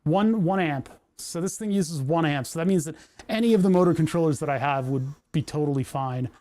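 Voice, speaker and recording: Grumbling and cracking jokes as he works at his bench, a man streaming on Twitch talks casually to himself. The voice is pitched fairly high and dark in tone, with a fairly quick delivery.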